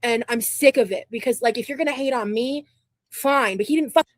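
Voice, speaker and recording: A woman's voice: fairly high pitch, fairly quick, no room sound. A woman in a casual stream clip, indignant and defensive, swearing as she talks. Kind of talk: casual livestream talk.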